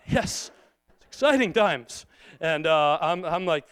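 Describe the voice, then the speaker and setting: High-voiced man preaching a sermon. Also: animated, moderate pace, smooth, dry recording. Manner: conversational storytelling, acts out quoted prayers. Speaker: pastor.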